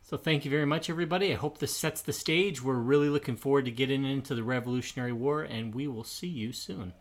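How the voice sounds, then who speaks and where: A man's voice: medium pitch, fast talker. A man co-hosting a history podcast, bantering playfully and cracking small jokes. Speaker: podcast co-host. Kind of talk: casual podcast chat.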